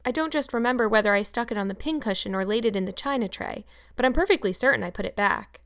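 A woman's voice: a little high, quick pace, a bit bright. A woman reading aloud and voicing an earnest, talkative young orphan girl in a storybook. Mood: pleading. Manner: earnest, eager protesting.

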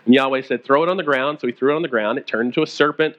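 A pastor preaching a conversational sermon, retelling stories and acting out the quoted voices. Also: male voice, medium pitch, rapid-fire, muffled recording, a little hiss or hum.

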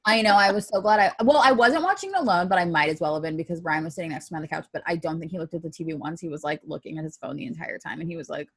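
A woman's voice: fairly low pitch, rapid-fire, slightly rough, no room sound. Tearful chatty woman, dry sound. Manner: emotional, tearful when talking about poems. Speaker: podcast co-host. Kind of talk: casual chat.

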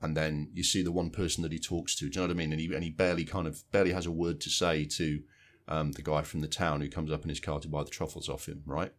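A man with a very low voice rambles through a casual film review, circling back on his words as he thinks aloud. He swears now and then in an easy, chatty way. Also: level tone, fast talker. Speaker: film podcast co-host.

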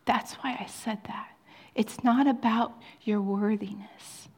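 A middle-aged woman pastor preaching a sermon, moving between hushed whispers and emphatic, raised passages. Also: on the high side, steady tone, unhurried, slightly rough. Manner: drops to hushed whispers, rises to emphatic peaks.

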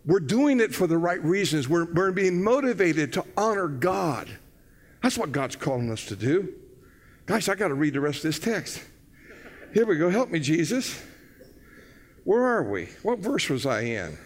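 An older man preaching a sermon, telling folksy stories and breaking into loud, excited bursts. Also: on the high side, moderate pace. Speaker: pastor.

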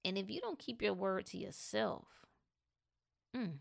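A woman giving a motivational monologue, preachy and emphatic, rising to loud exhortations. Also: mid-range voice, expressive, measured pace, creaky. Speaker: motivational speaker.

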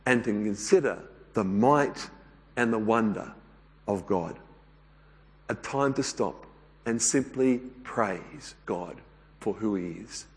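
A pastor giving a sermon in church, speaking gently and unhurriedly with occasional fillers. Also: male voice, mid-range voice, big-room sound.

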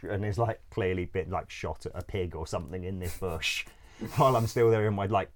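Low-voiced man rambling casually. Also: a little fast. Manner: rambling, laughing often, swearing, many fillers. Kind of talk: casual storytelling.

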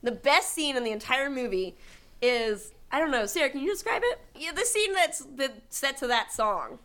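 A young adult woman co-hosting a podcast gushes animatedly in casual chat about a movie she loved as a kid, breaking into snippets of song. Her voice sits high, and she talks at a moderate pace.

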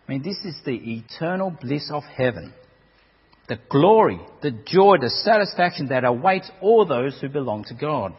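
A man's voice: fairly high pitch, big pitch swings, normal speed, husky. A man preaching a sermon in a dramatic way, often repeating words as he goes. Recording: dull recording with long hall reverb.

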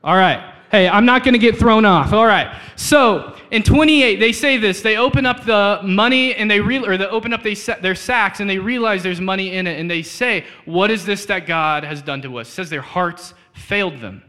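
Male pastor, bright, high voice, chatty preaching with acted quotes, church sanctuary, handheld mic. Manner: conversational preaching, quick asides and acted-out quotes. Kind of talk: sermon. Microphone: switches to a handheld mic partway.

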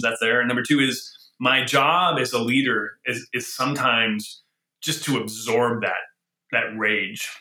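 A man who is a leader and author, talking casually, animated and thinking aloud with frequent restarts. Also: mid-range voice, echoey room, low-quality recording. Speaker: guest, engineering leader and author. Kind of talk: casual conversation.

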